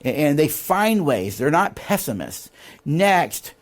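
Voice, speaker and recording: A man's voice: on the high side, very animated, slow. A man teaching leadership in a classroom lecture, quizzing his listeners with fill-in questions before a live audience.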